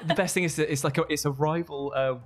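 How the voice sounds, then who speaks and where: A co-host chatting casually while playing a co-op game on a livestream, excitable and giving directions. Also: mid-range voice, fast. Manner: excitable, talks others through the level. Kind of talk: casual gameplay chat.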